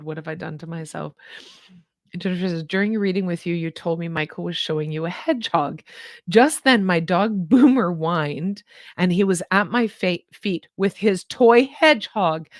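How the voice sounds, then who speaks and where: A woman hosting a live spiritual chat, reading out viewer comments and answering them in a chatty, rambling way. Her voice sits a little low. She laughs easily and often restarts her sentences, and the sound is dry and close to the mic. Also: dry recording. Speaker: psychic medium host.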